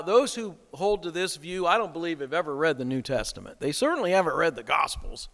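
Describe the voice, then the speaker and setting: A man's voice: high voice, fairly bright tone, in a large hall. A man preaching a sermon as pastor, asking rhetorical questions and stressing his points.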